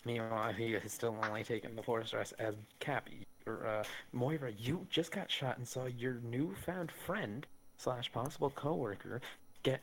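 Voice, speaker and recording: A man's voice: medium pitch, normal speed, fairly bright tone, poor audio. A man running a tabletop role-playing game as game master, explaining rules and describing events casually.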